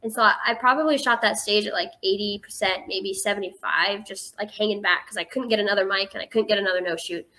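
Bright-voiced eighteen-year-old woman. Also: medium pitch, steady tone, quick pace, few pauses. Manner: chatty, fills speech with "like". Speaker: guest. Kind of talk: casual storytelling.

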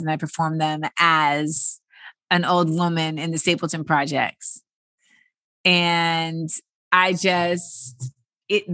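A woman in her forties hosting a podcast, talking casually and animatedly with many fillers and excited bursts. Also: fairly low pitch, dry recording. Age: 40s. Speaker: podcast host. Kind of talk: casual solo podcast monologue.

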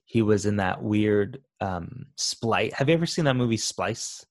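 A man's voice: fairly low pitch, lively intonation, a little slow. A man co-hosting a casual podcast, enthusiastic as he retells favorite scenes. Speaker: podcast co-host. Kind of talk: casual film discussion.

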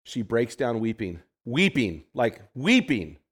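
Pastor guy in his 50s telling a story to a men's group, chatty, repeats himself for emphasis, mid pitch. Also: big pitch swings, takes it slowly, husky. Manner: conversational, repeats phrases for emphasis.

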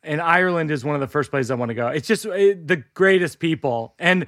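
A man's voice: on the high side, a little fast, a bit bright, dry recording, studio quality. A man hosting a podcast in casual chat, laughing often and self-deprecating. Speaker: podcast host.

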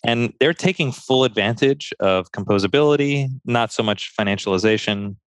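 A man's voice: mid-range voice, normal speed, clean tone, no echo. A man speaking enthusiastically and agreeably in a casual podcast discussion. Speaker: podcast guest expert.

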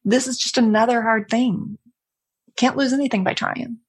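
Breathy middle-aged lady, podcast guest, candid storytelling, gets lively quoting her kids. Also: a little high, moderate pace. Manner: candid, reflective, animated when quoting family. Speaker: interview guest, author. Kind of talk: conversational storytelling.

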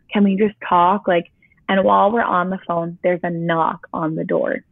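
A woman's voice: on the low side, no room sound. Chatty young woman on a tinny line. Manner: chatty, peppered with "like". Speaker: guest sharing her testimony. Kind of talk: casual personal storytelling. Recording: tinny phone-line sound, dry.

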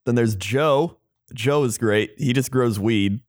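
A man's voice: mid-range voice, takes it slowly. Laid-back man chatting casually. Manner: laid-back, agreeable, lots of "yeah". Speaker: podcast co-host. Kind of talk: casual chat.

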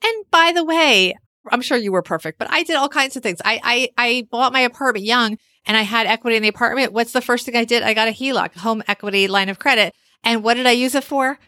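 A middle-aged woman in casual conversation, telling animated stories and acting out what others said. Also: on the high side, dry recording, clean studio sound. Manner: animated storytelling, acts out quoted voices. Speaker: podcast host and author. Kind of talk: casual chat.

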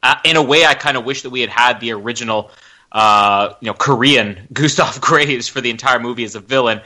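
A man's voice: mid-range voice, brisk, sharp tone. A man co-hosting a podcast, giving thoughtful views on film villains. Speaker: podcast co-host. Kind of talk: casual chat ranking film villains.

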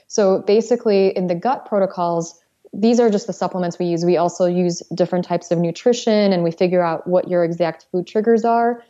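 A woman's voice: on the low side, mellow, lo-fi sound. A woman, a pharmacist guest, explaining treatments in a matter-of-fact way. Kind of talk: interview answers.

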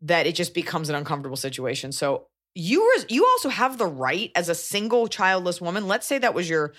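A woman in her thirties with a low voice co-hosts a casual podcast chat. She talks bluntly, dropping wry, quick asides. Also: very animated, fairly bright tone. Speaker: podcast co-host.

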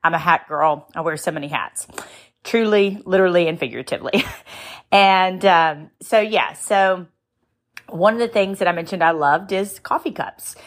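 A middle-aged woman hosts a motivational podcast in a lowish voice at a moderate pace. She is warm and earnest, speaking with deep emotion, and she cries easily, sometimes moved to tears.

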